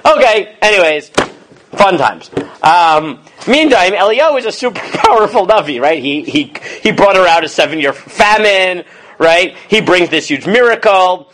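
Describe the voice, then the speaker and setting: A man with a fairly high, bright-sounding voice leads an informal Torah class as a rabbi. He moves between chanting Hebrew verses and loose, animated paraphrase. He keeps checking in with his students as he goes. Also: normal speed, a little hiss or hum. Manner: animated, casual, acts out quoted lines; questions students often, adds "right?".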